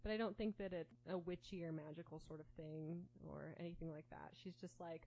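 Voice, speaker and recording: A woman's voice: deep voice, fairly even intonation, a little fast, few pauses, dark tone, dull audio, a little hiss or hum. A woman co-hosting a casual chat, talking playfully with lots of laughter and filler words.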